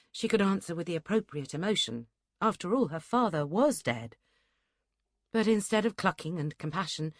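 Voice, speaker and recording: In scripted narration of a historical romance audiobook, a woman tells the story in a steady, measured way. Her voice sits lowish. The audio is dry and studio-clean.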